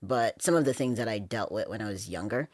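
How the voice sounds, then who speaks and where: Jamaican woman guest, very deep voice, dry close sound, candid, filler-heavy chat. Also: animated, brisk, darkish tone, no room sound. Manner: candid, frequent "you know" fillers. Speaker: podcast guest. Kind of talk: casual conversation.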